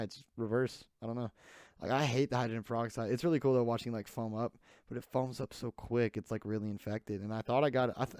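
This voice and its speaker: A man's voice: mid-range voice, a little mellow, no room sound, clean studio sound. A man hosting a casual solo podcast, rambling with many fillers and restarts. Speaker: podcast host.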